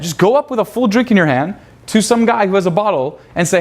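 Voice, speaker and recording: A man's voice: high-pitched, animated, fast. A man leading a live seminar, brash and profane, firing rhetorical questions at his audience. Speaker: seminar instructor.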